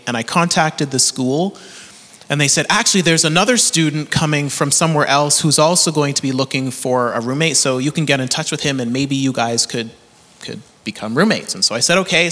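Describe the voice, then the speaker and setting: Canadian pastor guy, bit high voice, earnest, laughs a lot, long echo in the hall. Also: pushed and bright. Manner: earnest, storytelling, laughs often. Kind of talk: sermon.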